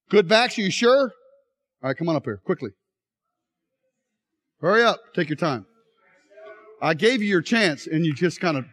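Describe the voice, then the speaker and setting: A middle-aged man preaching a sermon, telling stories animatedly and acting out voices while straining on an injured leg. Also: on the high side. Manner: animated storytelling, acts out voices. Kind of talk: sermon with live demonstration.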